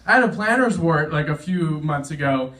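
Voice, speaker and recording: A man's voice: fairly high pitch, lively intonation, moderate pace, pushed and bright, distant mic. A young man doing a self-deprecating stand-up comedy set on stage, chuckling at his own jokes and acting out voices. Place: veterans' hall stage.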